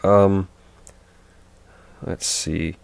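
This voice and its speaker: A man with a low, deep voice talks through a movie review in a mocking, sarcastic tone. He rambles offhand from scene to scene, pausing with fillers as he picks his next complaint. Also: level tone, gravelly, clear, resonant tone. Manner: mocking, mimics characters in silly voices.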